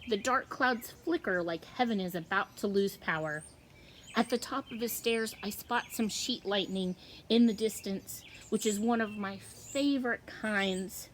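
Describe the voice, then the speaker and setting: Woman, teacher, novel read-aloud, slow pace, expressive, mid pitch. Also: slight background noise.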